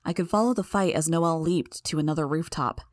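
A woman narrating a first-person audiobook in a steady, measured reading. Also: low voice, dry recording, studio quality.

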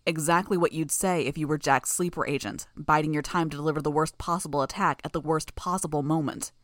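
A woman's voice: low-pitched, steady tone, a little fast, no echo, studio quality, lightly acted. A woman voicing a suspicious, cold male hero with a clipped manner. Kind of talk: audiobook character voice.

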